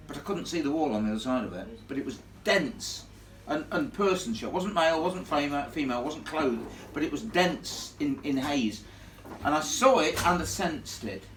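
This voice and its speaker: A man tells a ghost story to a live audience, animated and chatty, laughing along with the listeners. His voice sits a little high and comes from some distance, with a roomy echo and faint background noise. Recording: echoey room, from far off.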